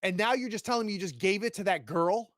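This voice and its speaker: Man doing a tyrannical rich dad, loud and cutting, raised voice, dry close sound. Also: medium pitch, expressive, unhurried, no echo. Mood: furious. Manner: cold, commanding, shouting threats. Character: domineering wealthy older father, cruel and angry.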